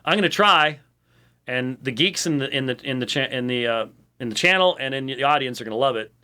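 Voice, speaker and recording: A man's voice: medium pitch, lively intonation, brisk, sharp tone, clear, resonant tone. An American man hosting a ministry program, talking casually and rambling to his audience with frequent fillers and restarts. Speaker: ministry show host. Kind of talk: casual monologue to a show audience.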